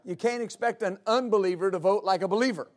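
A man's voice: sits high, quick pace. A male pastor preaching a sermon in church, repeating key phrases and building to emphatic peaks.

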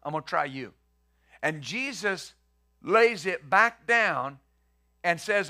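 A man's voice: sits high, expressive, unhurried, pushed and bright. A male pastor preaching a conversational sermon, acting out the quotes he reads and the questions he poses.

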